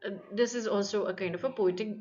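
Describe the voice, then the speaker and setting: A woman teaching a lecture on poetry, talking in a halting way with frequent fillers and restarts. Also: medium pitch, darkish tone, muffled recording.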